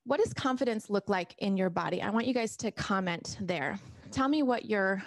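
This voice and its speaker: A middle-aged woman, a weight loss coach, chats casually with viewers on a live stream, restarting sentences and reading their comments aloud. She has a mid-range voice at normal speed, captured on a camera mic with clean studio sound and no echo.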